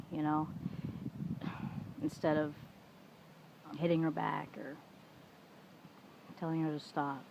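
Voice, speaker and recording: Talking casually to camera, this middle-aged vlogger unloads her frustrations with plenty of profanity and "you know"s, playing out the quarrels she recounts. She has a fairly low, slightly mellow voice, captured in a dull lo-fi home setup with faint room noise.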